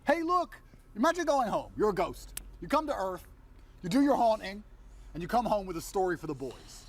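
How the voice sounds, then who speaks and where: A man's voice: high-pitched, big pitch swings, fairly quick. A man telling a mocking, emphatic comic rant as a guest on a stream. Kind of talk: animated comedic rant.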